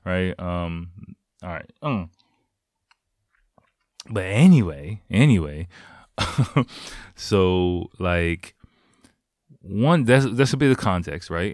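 A man's voice: sits low, a little mellow, no room sound, studio quality. A man casually telling rambling, profane stories to the camera, laughing often between his words. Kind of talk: casual storytelling.

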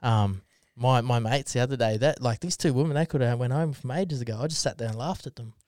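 Man, podcast co-host, casual rambling chat, swears a lot, laughs often, smooth resonant voice. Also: mid-range voice, fast, a little mellow, no room sound, clean studio sound.

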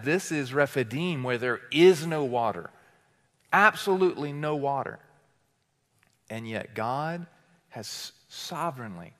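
A man's voice: high voice, a bit bright, long reverb tail. A man preaching a sermon as teaching pastor, building emphatic repeated phrases with passion.

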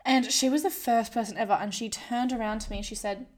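A woman with a fast, fairly even, higher-pitched voice delivers a frank personal monologue straight to the listener, vlogging about her own story. She pokes fun at herself and frequently slips into voicing her inner thoughts.

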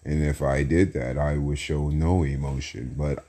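Slow, deep-voiced man hosting solo podcast. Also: fairly even intonation, warm tone. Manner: repetitive, hype chanting, self-talk with slang. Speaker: podcast host. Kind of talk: casual solo podcast monologue.

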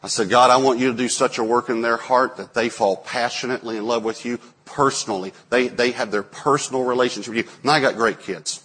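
A man in his forties, a pastor preaching a sermon, telling stories and acting out quotes with sudden loud bursts. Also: medium pitch, steady tone, a little fast, few pauses, a little hiss or hum. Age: 40s.

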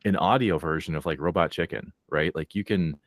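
A man's voice: deep voice, no room sound, clean studio sound. A man hosting a podcast, chatting casually, laughing easily and praising his guest. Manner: laughs easily, warm backchannel, quick when praising. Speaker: podcast host. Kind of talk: casual chat.

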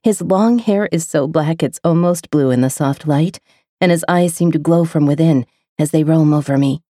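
Low-voiced woman narrating a romance. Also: normal speed, dark tone, no echo, clean studio sound. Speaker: audiobook narrator. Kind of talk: first-person romance narration.

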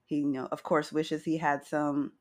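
A woman co-hosting a casual recap chat, chatty and wry, with a slightly hoarse morning voice. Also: deep voice, level tone, normal speed, a little mellow. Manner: chatty, wry, retells scenes with quoted lines. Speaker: podcast co-host recapping a reality show.

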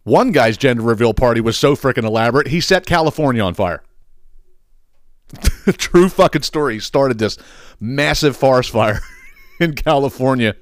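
A man hosting a podcast, ranting casually and profanely, often laughing at his own stories. His voice sounds smooth and resonant, recorded close and dry with almost no room sound. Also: medium pitch, animated, normal speed, long pauses, no room sound. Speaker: podcast host. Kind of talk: casual comedic rant.

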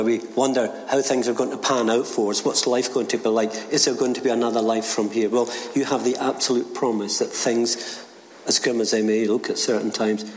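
A man's voice: medium pitch, slight background noise. An older man, a retired minister telling a story and giving a short sermon. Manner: gentle storytelling, acts out voices in quotes. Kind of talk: short sermon with a told joke. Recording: reverberant church hall.

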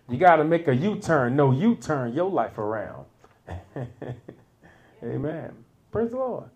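A man preaching a sermon at an unhurried pace. His pitch swings widely, and he chuckles between points before jumping to loud peaks on the key lines.

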